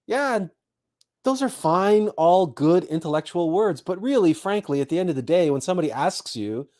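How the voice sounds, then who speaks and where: Slow, meditative man guiding a visualization. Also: high voice, lively intonation. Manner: slow, meditative delivery with soft pauses and repeated phrases. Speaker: host of a live spiritual talk show. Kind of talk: reflective spiritual talk with guided visualization.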